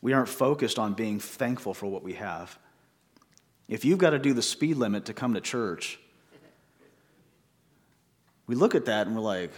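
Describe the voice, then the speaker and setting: Speaking in a lowish, expressive voice at a moderate pace, this church pastor leaves long pauses in his sermon. His delivery is conversational, and he peppers the congregation with rhetorical questions.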